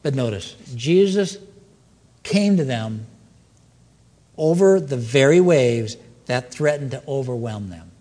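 Animated preacher with a soaring voice. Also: male voice, mid-range voice, takes it slowly, long pauses, long reverb tail. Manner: animated preaching, swings from loud to hushed. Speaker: pastor. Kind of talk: sermon.

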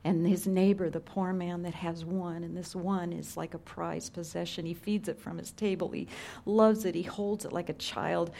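A middle-aged woman preaching a sermon in an earnest, conversational way, dropping to hushed tones for emphasis. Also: on the low side, steady tone, moderate pace, gravelly, slight background noise.

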